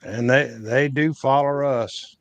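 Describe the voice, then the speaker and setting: Male guest, mid-pitched, spins a folksy, rambling tale with plain rural grammar and a dry, close sound. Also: fairly even intonation, slow pace, no echo. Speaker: guest telling an encounter story. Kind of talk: rambling casual storytelling.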